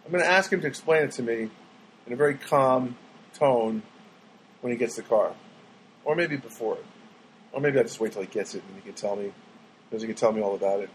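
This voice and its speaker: A man's voice: medium pitch, a little fast, pauses often, a little hiss or hum, poor audio. A man vlogging in a casual, rambling monologue that keeps swinging into exasperated rants.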